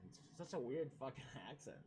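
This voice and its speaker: A man's voice: mid-range voice, animated, moderate pace, a little mellow, breathy edge. A man streaming a video game, talking in a crude, rambling way and swearing often. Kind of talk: casual gaming commentary.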